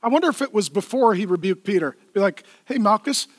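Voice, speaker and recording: A male pastor preaching a lively, playful sermon in a church, acting out the people in the story. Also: high-pitched, fast talker, no echo, studio quality. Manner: animated, playful, acts out voices and laughs at own jokes.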